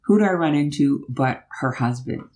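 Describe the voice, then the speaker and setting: A middle-aged woman vlogger telling a personal story in a chatty, animated way while driving on a road trip. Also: low voice, normal speed.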